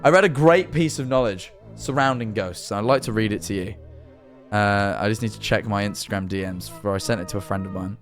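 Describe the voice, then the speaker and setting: A man's voice: on the low side, soft background music. A man chatting casually on his livestream, rambling and swearing freely as he reads chat and jumps between topics. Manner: rambling, sweary, jumpy and quick to laugh. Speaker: streamer.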